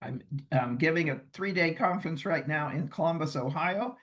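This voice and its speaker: Male presenter on a video call from a hotel room, slightly high voice, conversational and emphatic teaching. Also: normal speed, a bit bright. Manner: chatty, emphatic, acts out quoted mothers. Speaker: webinar presenter. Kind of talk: online training lecture.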